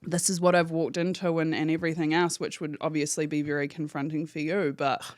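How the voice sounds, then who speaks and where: A woman's voice: low voice, level tone, brisk, no room sound, studio quality. A woman, a podcast guest giving a candid, emotional personal account and swearing freely. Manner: candid, swears freely, acts out phone calls in quotes.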